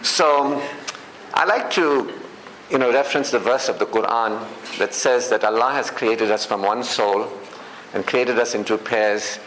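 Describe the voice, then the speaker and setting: A middle-aged man from South Africa addresses a live audience in a relaxed, conversational way. He keeps checking that listeners follow him. The recording has a roomy hall echo and faint background noise. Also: medium pitch, unhurried. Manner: conversational, often asks "you know what I mean?". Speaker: speaker at a public event. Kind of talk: public talk to an audience. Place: event hall.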